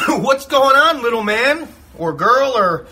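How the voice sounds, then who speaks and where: Guy doing a fed-up dad scolding his kid, high lively bright voice. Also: takes it slowly, exaggerated voice. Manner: scolding, gruff. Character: exasperated blunt middle-aged dad, scolding.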